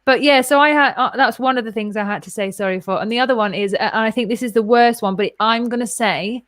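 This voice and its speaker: A woman co-hosting a podcast tells a long story in casual chat, animatedly acting out the voices of the people in it. Her voice is on the high side and she talks fast, in studio-quality audio with no room sound.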